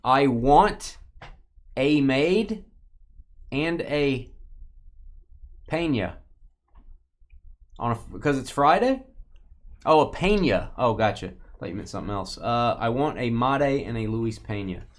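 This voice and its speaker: This man, with a mid-range voice, takes his time and pauses often. During his live card-opening stream he jokes around casually with the room and chat, keeping the banter playful with lively swings.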